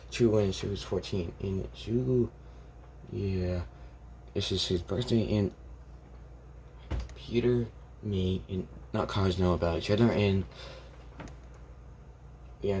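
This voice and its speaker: A man's voice: on the low side, takes it slowly, gravelly, long pauses, mellow, a little hiss or hum. A young man telling an improvised fan story, rambling with constant restarts and quoting each character's lines in his own plain voice.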